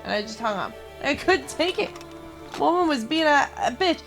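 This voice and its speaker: A woman's voice: sits high, animated, normal speed, a bit bright, faint music behind. A woman streamer venting angrily in casual chat, swearing heavily. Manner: angry, heavy swearing.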